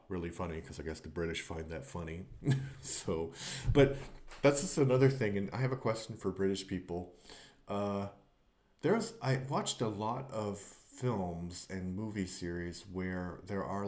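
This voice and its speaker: Man, low voice, unhurried, rambling podcast review, lots of fillers. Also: darkish tone. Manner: rambling, many fillers and restarts. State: tearful at times. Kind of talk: casual spoken review.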